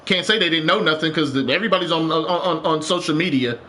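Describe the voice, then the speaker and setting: A man with a fairly high, pushed, bright voice talks fast while live-streaming a game. He rants impassionedly, repeating himself and swearing, his tone rising to urgency.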